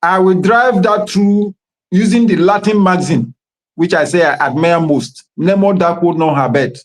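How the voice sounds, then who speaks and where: A man's voice: sits high, normal speed. A man with a Nigerian accent, speaking as a guest over a remote audio call, impassioned and full of proverbs and pidgin. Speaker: guest commentator. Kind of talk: live online political discussion.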